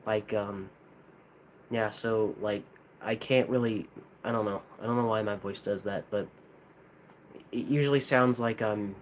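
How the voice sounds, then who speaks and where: A man's voice: on the low side, steady tone, a little hiss or hum. Hesitant man with a lisp. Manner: hesitant, halting, many restarts. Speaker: streamer ranking plush toys. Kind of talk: casual live-stream chat.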